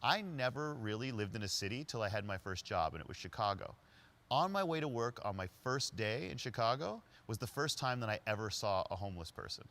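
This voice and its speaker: A man's voice: lowish voice, very animated, fairly quick, fairly bright tone. A man voicing an earnest young man raised on a farm who is new to the city, in a plain retelling.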